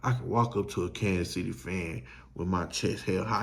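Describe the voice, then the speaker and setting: A man fires off hyped fan talk, his low voice carrying a gravelly edge. He swings between preaching and trash talk, leaning hard on slang. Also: steady tone, normal speed. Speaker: sports show host. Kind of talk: fired-up sports talk.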